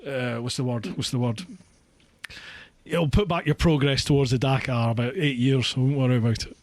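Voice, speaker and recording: Scottish male podcast host, relaxed and self-mocking, mid-pitched. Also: moderate pace. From Scotland. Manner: chatty, laughs often, self-deprecating. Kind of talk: casual chat.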